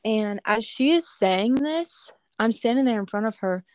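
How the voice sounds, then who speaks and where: A woman earnestly telling a personal testimony in casual conversation, animated and full of casual fillers. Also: on the high side, measured pace, no room sound, clean studio sound. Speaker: guest sharing a testimony.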